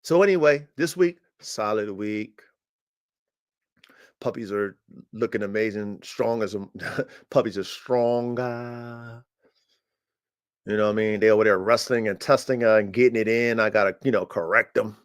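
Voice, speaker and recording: This dog breeder's voice is clear and resonant as he hosts a livestream about his working dogs, speaking a little slowly and pausing often. Using a streaming mic for his casual monologue, he boasts, swaggers and swears, pitch jumping up when hyped.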